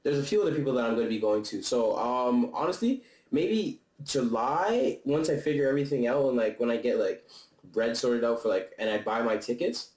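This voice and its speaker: On a low-quality, reverberant recording from a camera-mounted mic, a young man with a mid-range, slightly mellow voice reviews a concert. He's a bit out of breath, chatting casually in a loose, slangy and profane way and laughing often.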